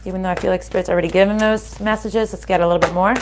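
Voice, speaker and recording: A woman's voice: medium pitch, fairly even intonation, rapid-fire, background noise. A woman giving a casual spiritual card reading to her viewers, chatty and reassuring, often checking in with "right?" and "okay?".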